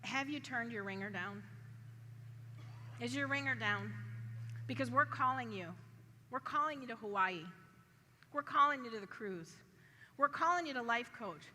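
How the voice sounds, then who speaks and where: A woman tells a funny family story to a crowd, her bright, fairly high voice breaking into laughter again and again. She sounds chatty and unguarded. The sound is reverberant, as in a large hall, with a faint murmur of background noise. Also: lively intonation, unhurried, long pauses. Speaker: speaker at a live event. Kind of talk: humorous personal storytelling to an audience.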